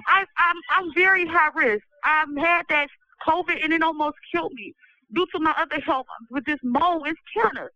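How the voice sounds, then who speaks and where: Really high thin voice, guy sick and coughing, pleading into a muffled dry prison phone. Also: bright, forceful tone, no room sound. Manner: pleading, distressed, halting restarts. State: sick, coughing, swollen throat. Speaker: incarcerated person giving a recorded commentary. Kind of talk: recorded phone commentary. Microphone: telephone.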